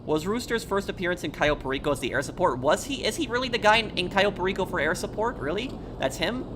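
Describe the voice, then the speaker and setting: A man streaming a video game, chatting casually with viewers in a relaxed, halting way. He sounds a little tired. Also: high-pitched, background noise. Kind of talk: live stream chat, answering viewers.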